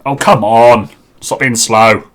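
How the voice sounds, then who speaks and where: A man's voice: mid-range voice, steady tone, takes it slowly. A man streaming a game live, chatting and muttering to himself on a headset mic while he sorts out a server.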